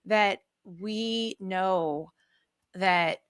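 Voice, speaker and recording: A woman's voice: medium pitch, very slow, clean tone, no room sound. Encouraging woman interviewer, dry sound. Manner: warm, encouraging, affirming. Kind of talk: supportive interview talk.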